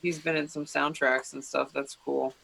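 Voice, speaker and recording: A man's voice: mid-range voice, little pitch movement, normal speed, gravelly, bright, forceful tone, slightly rough, poor audio. A man co-hosting a music podcast, chatting loosely with plenty of fillers and frequent laughs. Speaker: podcast co-host. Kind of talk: casual chat.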